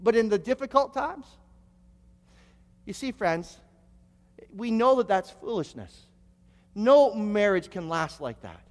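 A man's voice: high-pitched, expressive, takes it slowly, long pauses, big-room sound. A male pastor preaching a sermon, telling stories with frequent stammered restarts.

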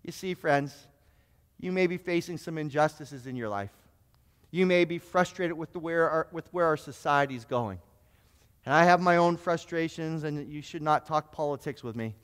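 A man's voice: moderate pace, smooth. Preaching man in a reverberant hall. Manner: storytelling, swings from raised emphatic to low and quiet. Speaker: pastor. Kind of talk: sermon.

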